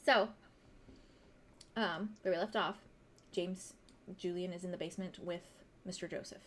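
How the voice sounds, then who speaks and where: A woman's voice: lowish voice, fairly even intonation, moderate pace, a little hiss or hum. A woman narrating a tabletop game as game master, casual and chatty, with lots of fillers and frequent laughter.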